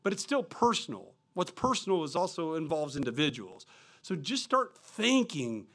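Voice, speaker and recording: Animated male preacher, lively pitch. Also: moderate pace. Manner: animated preaching, swinging between soft asides and loud emphatic reading. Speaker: pastor. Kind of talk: sermon.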